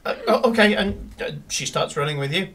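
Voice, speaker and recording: A man's voice: high-pitched, lively intonation, a little fast, a bit bright, breathy edge, far from the mic. A man running a tabletop game as game master, narrating scenes with many fillers and restarts.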